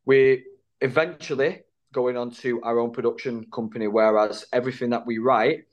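A man's voice: mid-range voice, fairly even intonation, moderate pace, muffled recording. A man guesting on a podcast as an actor, talking casually in a rambling, matey way with plenty of ums. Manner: rambling, matey, storytelling with filler words. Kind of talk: casual interview chat.

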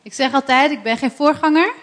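A woman interpreting a talk live into Dutch in a quick, matter-of-fact way. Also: high-pitched, fairly bright tone. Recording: reverberant hall.

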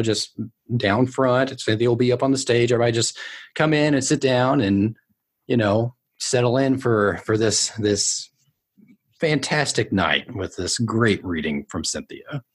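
A man voicing a woman event host who briskly ushers a crowd to their seats. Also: medium pitch, pitched above the performer's own voice, natural voice. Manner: brisk and bossy, ushering people along.

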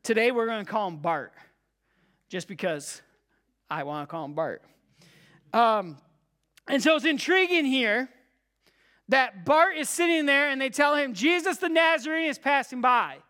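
A pastor preaching a sermon to a live congregation, emphatic and repetitive, swinging between loud cries and hushed low tones. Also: animated, measured pace, pauses often. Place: church service with a live congregation.

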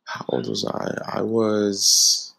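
A young man co-hosting a casual chat, teasing his co-host and telling his own story in relaxed slang. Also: on the low side, takes it slowly, vocal fry.

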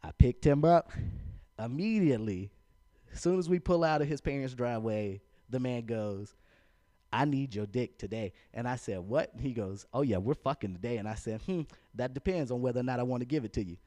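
A man's voice: mid-range voice, fairly quick, warm tone. A man, telling a candid story with a laugh on a casual podcast. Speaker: podcast co-host.

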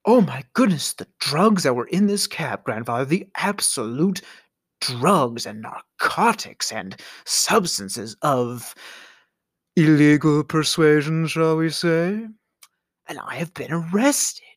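A man's voice: a little high, animated, slow pace, no echo, studio quality. A man voicing a young male phone scammer who poses as a grandson, pleading in an overly formal, theatrical way. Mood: smarmy pleading.

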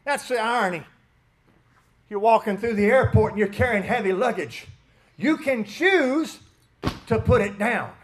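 Male preacher, high voice, fervent delivery, names people in the pews. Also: moderate pace. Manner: fervent, swings from shouting to hushed asides, calls out listeners by name. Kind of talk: sermon.

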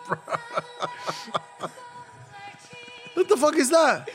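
Man, high voice, podcast host, rowdy banter, swears, stammers. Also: lively intonation, quick pace, soft background music. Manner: swears often, stammers, repeats "listen", laughs loudly.

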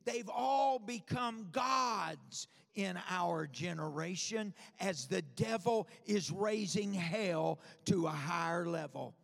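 High, gravelly man preaching in a hall. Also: animated, slow pace, hardly any pauses. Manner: rhythmic, repetitive, builds to shouting. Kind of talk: fiery sermon. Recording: long reverb of a large hall.

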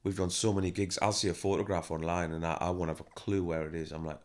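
A deep-voiced man chats casually about running his band. He tells stories freely and acts out quotes as he goes. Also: fast talker. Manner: chatty, animated storytelling with acted-out quotes. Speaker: band member and manager, guest. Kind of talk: casual interview chat.

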